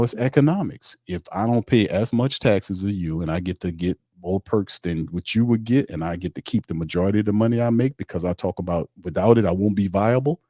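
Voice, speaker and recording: A blunt male sports host, talking in a very low voice as he rants about his team. His speech is casual and full of slang, with a cuss word now and then, and he stops to read comments from his viewers. It sounds close and dry, with no room echo. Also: darkish tone. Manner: reads viewer chat comments aloud.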